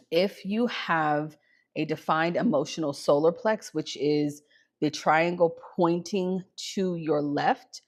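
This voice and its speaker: A woman hosting her own live stream, chatting casually with lots of ums and repeated greetings. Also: low voice. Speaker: livestream host.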